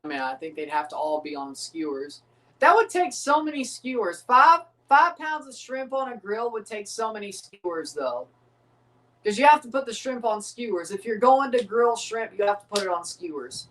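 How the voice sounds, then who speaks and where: A woman's voice: on the high side, sing-song, normal speed, fairly bright tone, distant mic, poor audio. Streamer host, woman, loose joking match chatter, set back from the mic. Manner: rambling, joking, reads out chat. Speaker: livestream host. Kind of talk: casual watchalong commentary.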